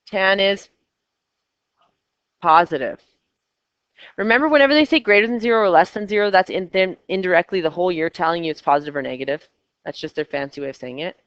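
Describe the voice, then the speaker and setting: A woman's voice: on the low side, lively intonation, fairly quick, long pauses, a bit bright, clear, resonant tone, no room sound, muffled recording. A woman teaching a math class, chatty and coaxing her students with questions. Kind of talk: classroom lecture.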